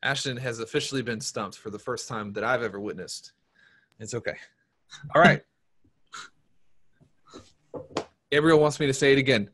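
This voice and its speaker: A man giving a live-streamed marketing workshop, energetic and repeating his key points for emphasis. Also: medium pitch, moderate pace, long pauses. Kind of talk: live-streamed business seminar talk.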